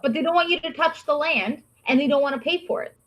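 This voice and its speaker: A woman's voice: high-pitched, fast, a bit bright, poor audio. A woman hosting a podcast-style live stream, ranting in a heated, sarcastic, profane way. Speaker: podcast host. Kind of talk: casual ranting commentary.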